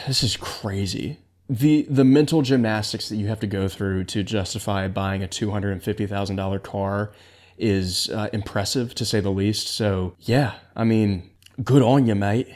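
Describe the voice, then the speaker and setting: A man's voice: fairly low pitch, fairly even intonation, normal speed, darkish tone, faint music behind. A young man hosting a commentary video, reacting to posts in a sarcastic, incredulous way. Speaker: commentary host.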